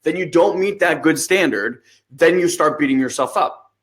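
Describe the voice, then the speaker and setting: A man in his thirties co-hosting a podcast, telling a story in a loose, animated way and acting out the lines he quotes. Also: on the high side, moderate pace. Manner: animated storytelling, acts out quotes, swears casually. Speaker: podcast co-host. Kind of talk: casual conversation.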